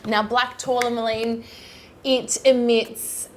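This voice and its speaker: A woman's voice: on the high side, flat delivery, slow. Young aussie woman chatting over dinner, bubbly and giggly, bit of background hiss. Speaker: co-host. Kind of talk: casual chat over a meal.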